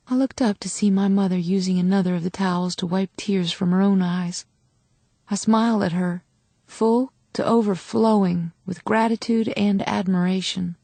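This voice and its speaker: A woman narrating an audiobook in the first person, intimate and measured. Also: medium pitch, dark tone, no room sound.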